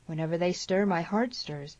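A woman's voice: fairly low pitch, normal speed, a little mellow, no room sound, dull audio, close to an everyday voice. A woman voicing a grave, stern young frontier man who speaks gloomily, in an audiobook.

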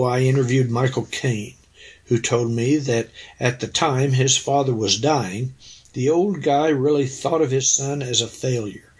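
A man hosting an interview, asking long, measured, deliberate questions. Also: medium pitch, a little mellow, husky.

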